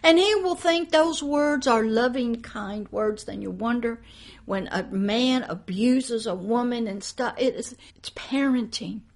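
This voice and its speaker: A woman pastor preaching a monologue, emphatic, moving between loud declarations and hushed asides. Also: on the high side, unhurried.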